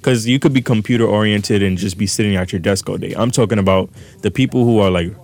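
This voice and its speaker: A young male podcast co-host with a lowish, slightly mellow voice talks fast during a casual chat. He explains things at length in a joking, slangy manner.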